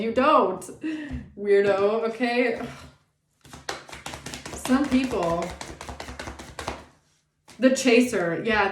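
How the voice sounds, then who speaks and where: A woman giving a casual tarot reading, animated and sassy, swearing often and acting out the people she talks about. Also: fairly high pitch, roomy sound, slight background noise. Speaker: tarot reader.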